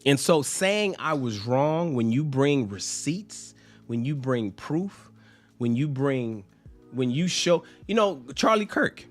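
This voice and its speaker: A man with a mid-range voice rants to camera as a social commentator, blunt, emphatic and profane, mimicking those he quotes in mocking voices. He speaks slowly but with animation, and faint music plays behind him.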